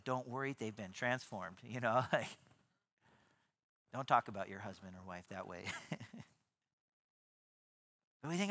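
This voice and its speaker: A man giving a sermon as pastor, animated, often repeating and restarting words and acting out quoted voices. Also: on the low side, unhurried, pauses often. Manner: acts out quoted voices in his preaching.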